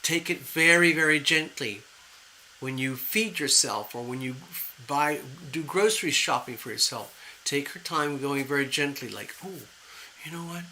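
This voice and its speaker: Bright-voiced man giving gentle tarot readings. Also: mid-range voice, moderate pace, slight background noise, poor audio. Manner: gentle, soothing, rambling with fillers. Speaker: tarot reader. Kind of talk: live stream readings.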